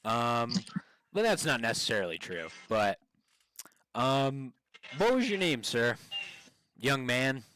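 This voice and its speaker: Rambling male streamer, mid-pitched. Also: sing-song, takes it slowly, pauses often, sharp tone, slight background noise, poor audio. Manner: rambling, hesitant, lots of fillers. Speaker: streamer chatting with strangers. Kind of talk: casual livestream chat.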